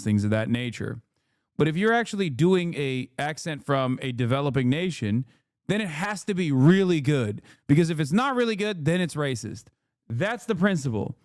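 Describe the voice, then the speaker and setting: A man's voice: on the high side, dry recording, studio quality. A man giving emphatic, profane reaction commentary on a live stream, repeating points for emphasis.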